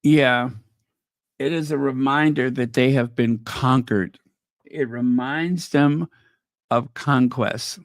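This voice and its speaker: A man's voice: medium pitch, takes it slowly, no room sound, studio quality. A man hosting a commentary channel, reading news headlines aloud and reacting to them with casual, opinionated asides.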